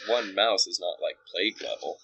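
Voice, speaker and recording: A man's voice: low-pitched, normal speed, bright, forceful tone, husky, low-quality recording. A man co-hosting a podcast, bantering casually with joking interjections. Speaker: podcast co-host.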